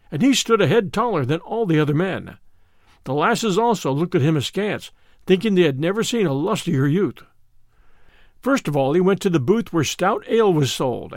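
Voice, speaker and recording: A man reading a classic adventure tale aloud as a storyteller, with an expressive storybook delivery. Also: on the high side, no room sound, studio quality.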